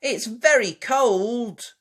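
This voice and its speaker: A woman voicing an excitable little girl pig in a storybook reading, with high, loud, excited calls. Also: very slow.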